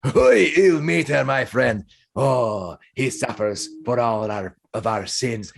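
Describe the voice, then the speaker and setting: A man voicing a boisterous, hearty male adventurer who carries a pet hamster, speaking loudly in broken English. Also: lively intonation, slow, creaky, a little hiss or hum. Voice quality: loud, booming, broken-English put-on voice.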